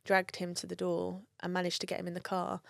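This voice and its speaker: A woman's voice: lowish voice, completely flat delivery, fairly quick, gravelly, a bit bright, no echo, clean studio sound. A woman telling a personal story in an interview, candid and emotional and swearing freely. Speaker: guest.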